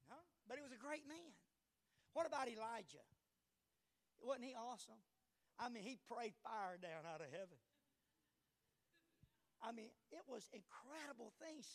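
High, gravelly preacher. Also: male voice. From United States. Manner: swings from quiet asides to shouted preaching; asks the congregation questions. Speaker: pastor. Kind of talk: sermon.

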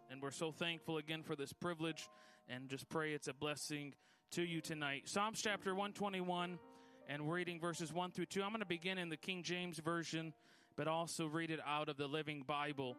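Bright, high-voiced preacher man. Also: steady tone, normal speed, faint music behind. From Michigan, USA. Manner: folksy, self-deprecating storytelling with frequent restarts. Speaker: guest preacher. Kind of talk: Pentecostal sermon with personal story.

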